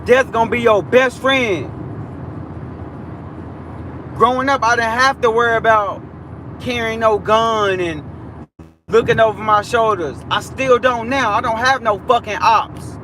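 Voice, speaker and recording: A man's voice: very high voice, unhurried, long pauses, bright, forceful tone, slight background noise. A young man ranting in a preachy, heated live-stream monologue, full of street slang and repeated questions.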